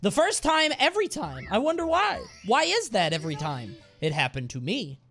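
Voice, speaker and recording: A man's voice: high voice, wildly swooping pitch, moderate pace, hardly any pauses, fairly bright tone, faint music behind. A man streaming a game live, talking in a playful, sweary, jokey way. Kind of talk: live gameplay commentary.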